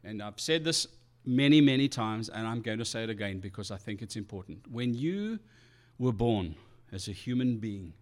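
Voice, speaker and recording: Passionate, animated male preacher. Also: fairly low pitch, moderate pace, hardly any pauses. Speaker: pastor. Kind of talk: sermon.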